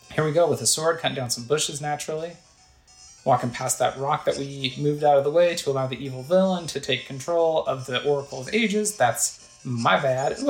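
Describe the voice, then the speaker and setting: A game player talks through gameplay in a loose, rambling way, full of fillers. The pitch sits in the middle range. The voice echoes around the room with faint music underneath. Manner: rambling, conversational, filler-heavy. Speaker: let's play narrator. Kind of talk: casual gameplay narration.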